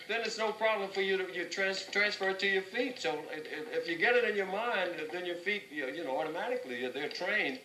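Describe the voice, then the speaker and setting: A man's voice: high voice, fairly quick, few pauses, sharp tone. Man teaching tap from across a studio. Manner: counts and scats rhythms aloud, repeats words. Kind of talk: teaching a class. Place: dance studio. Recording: roomy, distant, noisy dance studio.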